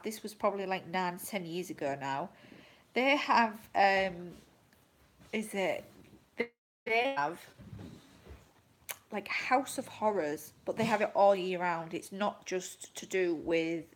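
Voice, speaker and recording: A woman's voice: mid-range voice, low-quality recording. Rambling woman vlogging live. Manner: rambling, filler-heavy storytelling with laughter. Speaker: vlogger and mother. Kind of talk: casual livestream chat.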